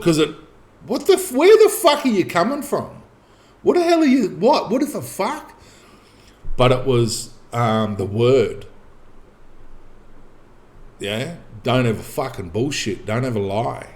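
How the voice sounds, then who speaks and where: A man tells a personal story in a loose, conversational way. He swears freely and stays animated, slipping into the voices of the people in his tale. His voice sits at an ordinary, mid-range pitch. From Australia. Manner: profane, animated, acts out dialogue in his telling. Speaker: podcast guest telling a personal story. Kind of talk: casual spoken storytelling.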